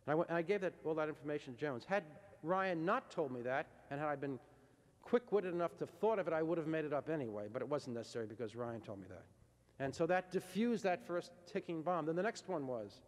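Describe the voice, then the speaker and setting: A man's voice: a little high, lively intonation, fast talker. Man lecturing in a reverberant hall. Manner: dramatic storyteller who acts out quoted dialogue. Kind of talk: recounting events in a university lecture.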